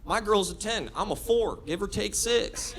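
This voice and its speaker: Brash high-voiced male stand-up comedian. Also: normal speed, very noisy. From Florida. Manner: brash, escalating to shouted rants. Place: comedy club stage with audience laughter.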